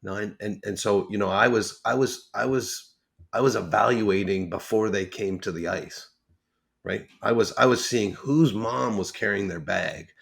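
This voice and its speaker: A man co-hosting a casual podcast, starting his sentences haltingly and then turning to playful self-mockery. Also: fairly low pitch, vocal fry.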